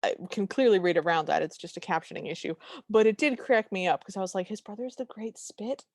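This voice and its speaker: A woman's voice: on the low side, quick pace, a little mellow, no echo, studio quality. A woman co-hosting a podcast, giving wry, sardonic asides in casual film recap chat. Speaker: podcast co-host.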